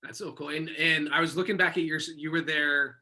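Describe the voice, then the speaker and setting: A male host with a bright, sharp voice leads a casual interview. He is easygoing and affirming, and his questions ramble a little. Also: a little high, steady tone, a little fast. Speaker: host, coach.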